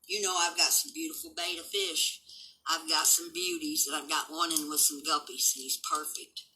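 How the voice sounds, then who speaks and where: Brief: older woman, 70s, home livestream host; combative and unfiltered, piercingly bright timbre. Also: sits low, normal speed, rough recording. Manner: blunt, combative, swearing, defiant. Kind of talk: unscripted livestream rant.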